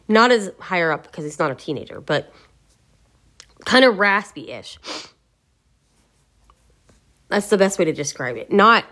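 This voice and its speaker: A woman's voice: fairly low pitch, lively intonation, normal speed, fairly bright tone. A woman hosting a gaming video, thinking aloud in a rambling, hesitant way as she searches for words. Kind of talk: casual talk to camera.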